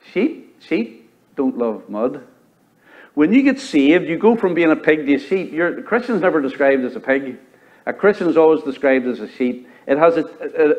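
A man with a Southern US accent preaching a sermon as pastor, rising to loud high exhortation and dropping to low, quiet emphasis. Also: lo-fi sound. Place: church sanctuary.

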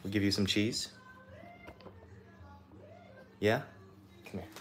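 A man's voice: lowish voice, little pitch movement, moderate pace. A man, a former restaurant cook, chatting casually while he cooks in his home kitchen and talking to his dog. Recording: echoey room with background noise and clicks.

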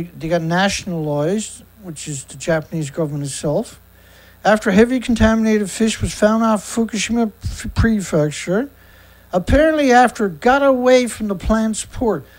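A sarcastic, indignant show host reads news excerpts and then comments on each one. The voice sits at a middle pitch. The speaker often trips over words and restarts sentences. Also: a little mellow, low-quality recording. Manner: stumbles and repeats words.

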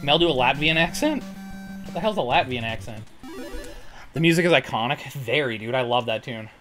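A man's voice: medium pitch, expressive, fairly quick, fairly bright tone. A man streaming a retro video game, chatting casually with a profane, joking, laid-back manner while greeting viewers. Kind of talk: casual gameplay chat, reading viewer messages. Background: retro game music.

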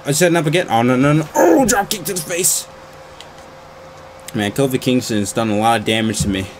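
A man giving excited, frantic commentary while playing a wrestling video game, groaning one moment and yelping the next. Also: medium pitch, a little fast, over a noisy crowd. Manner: frantic, swings between groans and yelps. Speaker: gaming channel host.

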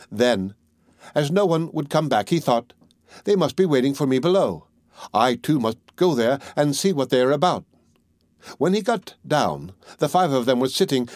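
A man reading a fairy tale aloud as an audiobook narrator, in an even, unhurried storybook manner. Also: medium pitch, no room sound, studio quality.

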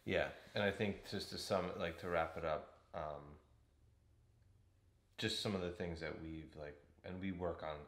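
A man's voice: low voice, fairly even intonation, a little slow, a bit bright, echoey room, a little hiss or hum. A man co-hosting a podcast, chatting loosely about coaching with lots of fillers. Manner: loose and rambling, with frequent fillers. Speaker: podcast co-host. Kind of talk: casual chat.

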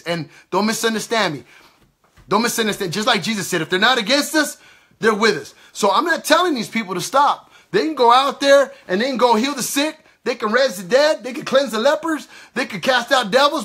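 High bright-voiced man preaching. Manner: emphatic, repetitive, acts out quoted exchanges. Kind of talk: impassioned sermon.

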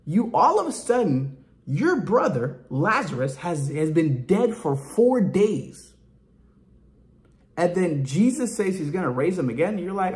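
A man's voice: on the high side, very animated, measured pace, a little mellow. A man giving an informal, emphatic preaching talk about faith in colloquial language. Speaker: ministry speaker.

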